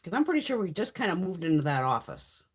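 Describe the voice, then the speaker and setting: Husky-voiced woman swearing through live chat. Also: on the low side, sing-song, fast. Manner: profane, blunt storytelling, reads chat comments. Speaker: livestream host. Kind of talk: casual live-stream chat.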